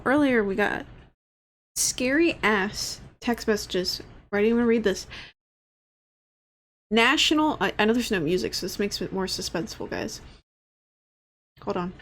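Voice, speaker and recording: A young adult woman streamer chatting casually while playing a game, laughing easily and swearing. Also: on the high side. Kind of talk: casual gameplay chat.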